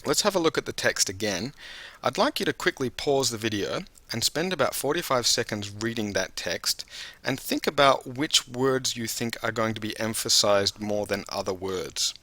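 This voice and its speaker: A man's voice: mid-range voice, expressive, moderate pace, bright, forceful tone, no echo. A man teaching a video lesson on reading aloud for an English speaking test, explaining patiently and talking straight to the viewer.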